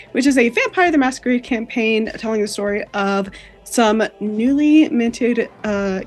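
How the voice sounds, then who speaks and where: Wry joking woman player. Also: medium pitch. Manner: joking, wry, laughs at herself. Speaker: tabletop game player. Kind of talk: casual stream chat.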